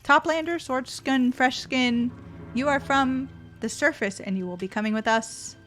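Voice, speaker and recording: A woman's voice: sits high, a little slow, fairly bright tone, faint music behind. A woman voicing a big, purple-skinned male villain who taunts and barks orders at his soldiers. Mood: menacing. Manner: taunting, commanding.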